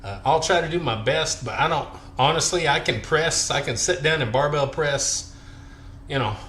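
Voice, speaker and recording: A man's voice: fairly high pitch, normal speed, fairly bright tone, roomy sound, a little hiss or hum. Breathless man on a workout stream. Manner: counts reps aloud, chatty and joking. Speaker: fitness vlogger. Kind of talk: casual workout live stream.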